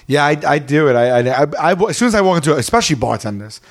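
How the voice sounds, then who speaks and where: A man's voice: fairly high pitch, very fast, no echo, clean studio sound. Stammering man telling stories. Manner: profane, stammering restarts, animated storytelling. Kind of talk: casual chat.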